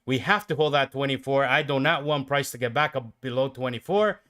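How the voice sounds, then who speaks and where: A man giving live trading commentary on his own stream, talking to himself and his viewers and swinging from calm explaining to excited outbursts. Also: mid-range voice, brisk. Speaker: livestream day trader.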